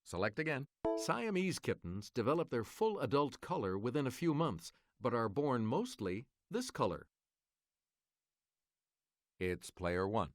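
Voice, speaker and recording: A man hosting a quiz show, reading clues in a measured, crisp way and calling on the player to choose again. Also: medium pitch, very animated.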